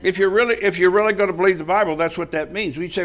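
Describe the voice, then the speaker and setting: A man's voice: sits high, fast talker, a bit bright. A man in his seventies preaching a sermon, telling a personal story in a folksy, emphatic way and laughing often as he talks.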